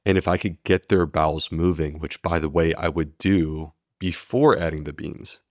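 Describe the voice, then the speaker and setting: A man's voice: a bass voice, moderate pace, darkish tone, dry recording, studio quality. A man, a medical doctor, explaining steadily and earnestly in a podcast interview. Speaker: gastroenterologist guest.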